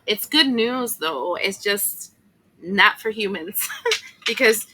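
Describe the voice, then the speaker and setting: A woman with a bright, forceful voice talks through a tarot reading in a loose, chatty way. She fills her talk with fillers and asides and gets emotional along the way. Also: medium pitch, lively intonation, takes it slowly, breathy edge, rough recording. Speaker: tarot reader.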